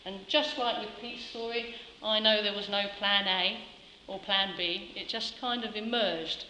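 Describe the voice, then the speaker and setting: A woman's voice: medium pitch, steady tone, a little slow, pushed and bright. A woman hosting a live chat show, reading an introduction and then asking her guest direct questions. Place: live event hall. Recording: echoey hall with faint noise.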